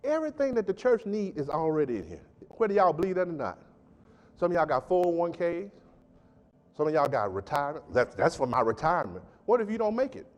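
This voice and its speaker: A man pastor preaching a sermon with emphatic call-and-response delivery, swinging between loud and soft. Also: a little high, sing-song, brisk, dull audio. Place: church sanctuary. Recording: church hall with long reverb.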